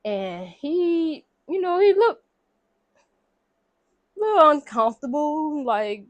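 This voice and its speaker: A woman casually retelling a movie plot in slangy, animated storytelling, acting out the characters' lines. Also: high-pitched, unhurried, dry recording. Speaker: vlogger recapping a movie.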